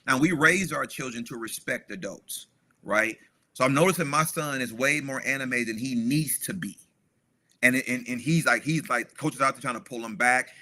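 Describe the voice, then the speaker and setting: A man's voice: mid-range voice, bright, forceful tone. A man in his forties hosting a panel conversation, telling a heartfelt story as a father, often asking "right?" and calling listeners "man", emotional as he speaks. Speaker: discussion host, father.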